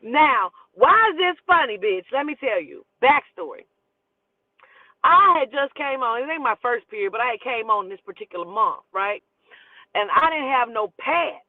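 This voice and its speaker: A woman spins a profane, lively storytime tale, her voice leaping up and down as she laughs through it. The audio is tinny and phone-like, bone dry with no room around it. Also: fairly high pitch, moderate pace, dry recording. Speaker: storytelling host. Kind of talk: casual storytime monologue.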